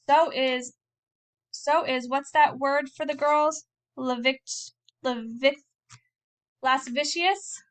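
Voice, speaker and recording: A cocky young soldier and older brother, boastful and quick to snap, as a woman puts him on while reading a novel aloud. The voice stays fairly high and light. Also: steady tone.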